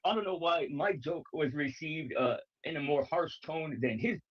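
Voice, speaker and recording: A man's voice: a little high, normal speed. A man on a livestream panel speaking bluntly and mockingly in casual chat. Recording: lo-fi stream audio.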